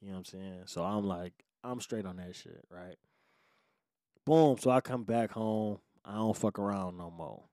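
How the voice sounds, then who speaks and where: A man hosting his own show, telling a story from his life in casual, profane street slang and swinging from low muttering to loud outbursts. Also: no echo, studio quality. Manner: profane street slang, acts out quoted voices.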